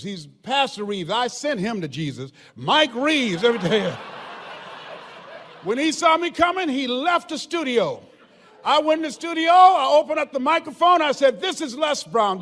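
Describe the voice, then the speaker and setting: An older man delivers a motivational speech in a very high, lively voice that swings up and down. He tells stories with emphasis, often shouting and laughing. A long reverb trails his words through the large hall. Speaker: motivational speaker. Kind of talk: motivational speech to a live audience.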